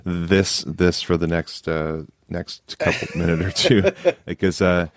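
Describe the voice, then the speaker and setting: A man's voice: sits low, flat delivery, a little slow, dry recording, clean studio sound. A man co-hosting a podcast, chatting casually and enthusiastically, often restarting his sentences. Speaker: podcast co-host. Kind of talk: casual chat.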